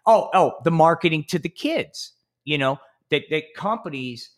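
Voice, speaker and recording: A man hosting a podcast, riffing in a rambling, profane, animated way. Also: fairly high pitch, moderate pace. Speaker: podcast host.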